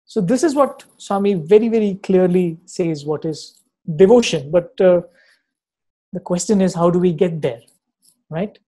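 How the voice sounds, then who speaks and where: Man, 40s, warm mellow voice, devotional storytelling, earnest, conversational asides. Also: high-pitched, unhurried, rough recording. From Chennai, India. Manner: earnest storyteller, often checking in with "right?" and "you know". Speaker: spiritual speaker.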